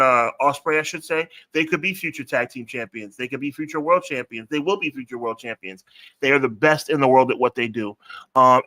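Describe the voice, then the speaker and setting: Emphatic man, bright dry voice. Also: on the high side, dry recording. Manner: emphatic, deliberate, stretches words for emphasis. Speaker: podcast host. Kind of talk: casual podcast review.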